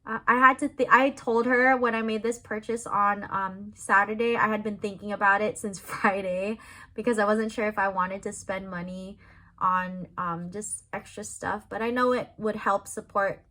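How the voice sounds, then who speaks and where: A woman's voice: medium pitch, steady tone, moderate pace, pushed and bright. A young woman talking casually in her own vlog, chatty and upbeat, with lots of fillers. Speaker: vlogger and crochet seller.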